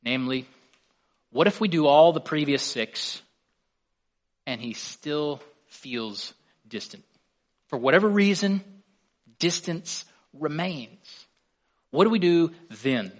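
A man's voice: on the high side, lively intonation, slow pace, long pauses. A man preaching a sermon as a pastor, earnest, with his voice swelling on key words.

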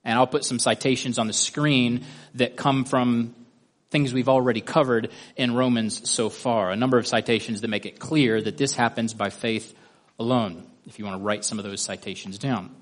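A man's voice: mid-range voice, steady tone, normal speed. Methodical male Bible teacher. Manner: methodical, guiding listeners step by step through a drawing. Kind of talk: Bible study lesson.

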